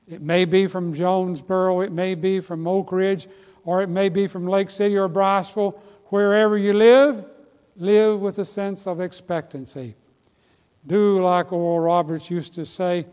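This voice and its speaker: An older preacher with a high voice for a man and a darkish tone tells folksy stories from the pulpit, pressing toward passionate exhortation. His words ring out through the church sanctuary with long, trailing reverb.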